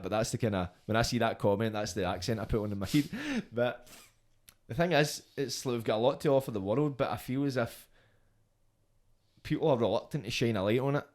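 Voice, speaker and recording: A man's voice: mid-range voice, darkish tone. A man hosting a podcast, chatting in a loose, rambling way. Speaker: podcast host. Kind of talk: casual podcast interview.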